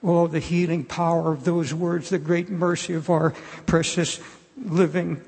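A man's voice: fairly high pitch, steady tone, unhurried, vocal fry, a little mellow, breathy edge. An older man preaching a sermon in an earnest, pleading way, often restarting his phrases. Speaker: pastor. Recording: long hall reverb.

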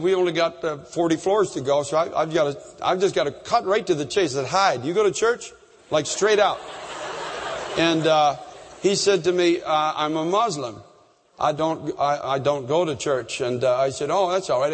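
A man from Canada preaching a storytelling sermon, animated and rising in pitch at the high points. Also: breathy edge. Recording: long reverb in a large hall.

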